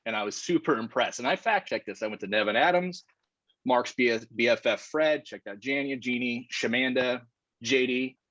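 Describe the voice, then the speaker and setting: Joking co-host on a dull, dry mic. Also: male voice, medium pitch, moderate pace, a bit bright, no echo. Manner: joking, profane, hyped announcer flourishes. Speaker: podcast co-host. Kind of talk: casual chat.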